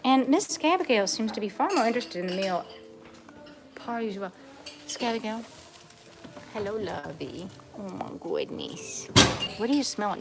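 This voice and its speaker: A woman's voice: mid-range voice, sing-song, normal speed, gravelly, pauses often, background noise. A woman co-hosting a playful live cooking chat in a home kitchen, teasing and mock-genteel in a put-on Southern drawl. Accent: put-on Southern American drawl. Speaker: co-host.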